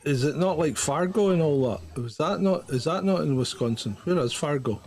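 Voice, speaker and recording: A man's voice: a little high, expressive, moderate pace, a little mellow. A middle-aged man, co-hosting a live stream in blunt, sweary, teasing chat. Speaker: co-host.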